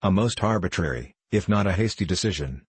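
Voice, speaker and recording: A man's voice: deep voice, lively intonation, fairly quick, husky, no echo, full character voice. A man voicing a haughty young male army officer who speaks curtly and formally.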